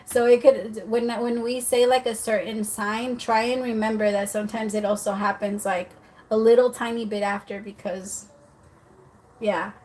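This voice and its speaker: A woman's voice: fairly high pitch, steady tone, moderate pace, a little mellow. A woman giving a casual livestream tarot reading, chatty and giggly, with lots of fillers and restarts. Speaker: tarot reader.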